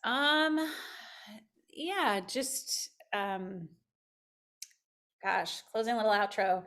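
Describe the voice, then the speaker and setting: A voice actress chatting as a podcast guest, her woman's voice a little tired and rough, talking loosely with lots of fillers. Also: medium pitch, lively intonation, extremely slow, a bit bright. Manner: chatty, self-deprecating, full of fillers. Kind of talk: casual interview chat.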